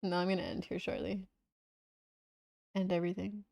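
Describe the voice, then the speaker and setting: A woman's voice: on the low side, level tone, moderate pace, creaky, a little mellow, no room sound. A young woman streamer chatting casually and relaxedly, with lots of "like" fillers. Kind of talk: casual livestream chat.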